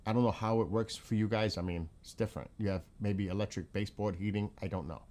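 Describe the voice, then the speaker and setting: Guy with a lowish voice chatting on his stream, keeps going oh my god at stuff. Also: steady tone, quick pace, darkish tone. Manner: exclaims in astonishment, repeats himself. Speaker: livestream host reading chat. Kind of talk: casual live chat.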